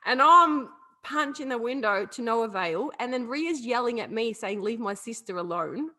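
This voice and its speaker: A woman chats on a podcast with a bright, ringing tone. She tells her stories in an animated way, laughs often, and swears casually. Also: a little high, takes it slowly, long pauses. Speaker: podcast co-host. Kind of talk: casual chat, storytelling.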